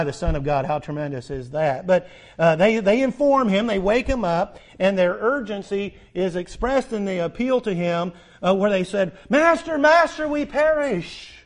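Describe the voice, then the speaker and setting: A man with a voice on the high side preaches a sermon, swinging between loud, urgent appeals and soft, hushed asides. He draws out words for emphasis.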